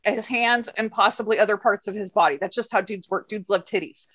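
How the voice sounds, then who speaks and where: A woman's voice: medium pitch, fairly quick, fairly bright tone, slightly rough. A woman hosting a podcast, ranting about a bad film in casual, profane, rambling chat. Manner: profane, rambling, exasperated storytelling. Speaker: podcast host reviewing a film.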